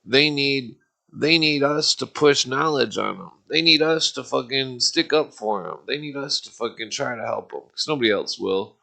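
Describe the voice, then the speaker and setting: A man's voice: medium pitch, normal speed, creaky, pushed and bright. A man hosting a livestream, ranting angrily and profanely in a rambling way, with restarts. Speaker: livestream host.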